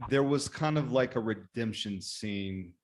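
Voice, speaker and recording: A man in casual podcast chat, speaking earnestly with drawn-out phrasing. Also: lowish voice.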